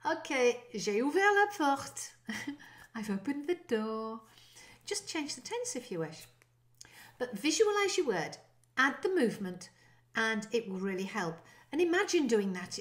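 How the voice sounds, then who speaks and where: A woman teaching an online language lesson, lively and encouraging, demonstrating short French phrases. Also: medium pitch.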